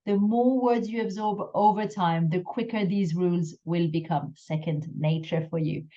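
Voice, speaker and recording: Female language teacher, slow and deliberate delivery, lowish voice, dull lo-fi recording. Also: dark tone. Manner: slow, careful explanations with drawn-out French examples. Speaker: French teacher. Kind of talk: recorded pronunciation lesson.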